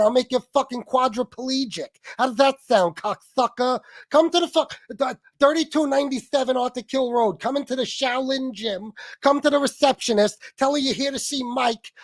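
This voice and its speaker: A man's voice: very high-pitched, dry recording, pitched above the performer's own voice. A man doing an impression of an aggressive, profane tough guy from a boxing gym, hurling threats.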